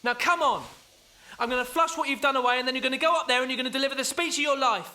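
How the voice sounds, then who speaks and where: A man's voice: fairly high pitch, measured pace, a bit bright. An actor playing an awkward, rambling young Englishman at a wedding, talking in hesitant stammers and nervous laughs. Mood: urging. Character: awkward rambling man at a wedding, fumbling and overeager. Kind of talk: radio comedy monologue.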